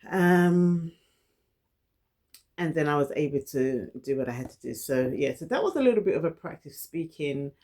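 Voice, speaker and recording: A woman's voice: low-pitched, expressive, moderate pace, warm tone. A middle-aged woman, telling a personal story to camera, who stutters and repeats words and laughs between thoughts. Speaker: vlogger.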